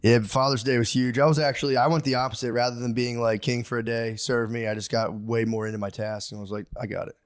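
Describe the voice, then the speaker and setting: Man, fast-talking, excitable, rambling storyteller, podcast co-host. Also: medium pitch, clean tone. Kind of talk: casual chat. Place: podcast studio.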